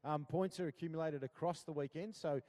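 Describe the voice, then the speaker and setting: A man's voice: a little high, brisk. Upbeat Australian male race commentator. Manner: upbeat, lots of "mate" and shout-outs. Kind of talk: live sports commentary.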